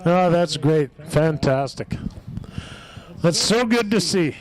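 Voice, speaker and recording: A man's voice: sits high, expressive, slow pace, rough recording. A man announcing a race live, chatty and full of praise for the winner.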